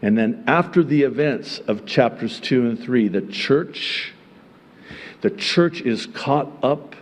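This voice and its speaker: A middle-aged male pastor preaching at an unhurried, deliberate pace. He drops to quiet explanation, then rises to loud emphatic points, with folksy asides and chuckles along the way. His voice carries a long reverberant tail, as in a large hall. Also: medium pitch, lively intonation. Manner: emphatic, swings from quiet teaching to loud exclamation. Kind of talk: sermon.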